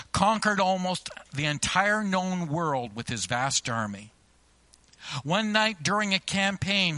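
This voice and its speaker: A male pastor delivers his sermon slowly and deliberately, leaning on pauses for emphasis. His voice sits a little high and sounds very bright and crisp. The sound is dry and close, with no room echo.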